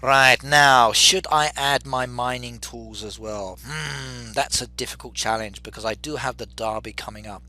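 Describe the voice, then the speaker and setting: A man's voice: medium pitch, unhurried, few pauses, bright, forceful tone. A man in his thirties, chatting casually on a live game stream, reading viewer comments aloud and joking with them. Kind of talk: live-stream chat while playing.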